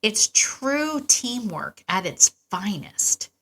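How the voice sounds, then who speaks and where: A woman's voice: mid-range voice, sing-song, takes it slowly, sharp tone. A middle-aged woman hosting a podcast, talking casually and with enthusiasm, with asides and restarts. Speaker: podcast host and dog trainer. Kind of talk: casual solo podcast talk.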